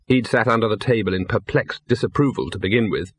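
A man reading a comic novel aloud as audiobook narrator, wry and measured. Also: fairly low pitch, breathy edge, no echo. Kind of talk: scripted narration.

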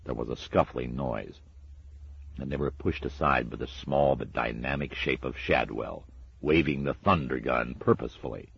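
Very deep gravelly male narrator. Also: normal speed, no echo, lo-fi sound. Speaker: audiobook narrator. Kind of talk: storybook narration.

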